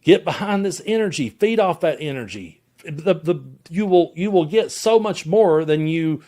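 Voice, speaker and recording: A man's voice: fairly high pitch, animated, a little slow, mellow. A man with a Tennessee Southern accent hosting his own channel, giving an impassioned, emphatic political rant straight to his viewers. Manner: direct, emphatic, addresses viewers and politicians head-on. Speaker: political commentator and channel host.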